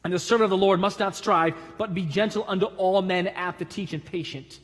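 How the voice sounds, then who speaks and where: A man's voice: high voice, steady tone, brisk. Preaching man in a reverberant church. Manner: preaching with rising emphatic calls and quiet drops; acts out voices in stories with a laugh. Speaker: pastor. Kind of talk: sermon. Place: church sanctuary.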